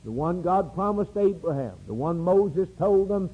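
A man preaching a sermon, rising to loud emphatic peaks and dropping to hushed low phrases. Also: expressive, measured pace, breathy edge, phone-quality sound. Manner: dramatic preaching with sweeping rises and drops.

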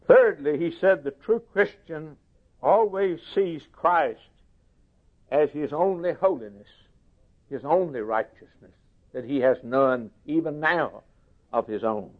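A man preaching a sermon slowly and emphatically, lifting his voice for quoted scripture. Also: on the high side, lively intonation. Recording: tinny phone-like recording.

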